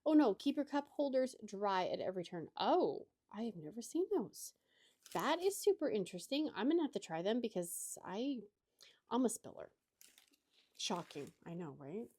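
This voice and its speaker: A woman's voice: on the high side, big pitch swings, moderate pace, a little mellow, breathy edge. A married woman hosting a chatty craft-unboxing vlog from her crafting table at home, gushing and gasping over each item. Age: adult, married. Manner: gushing, gasps and exclaims often. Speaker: craft channel host.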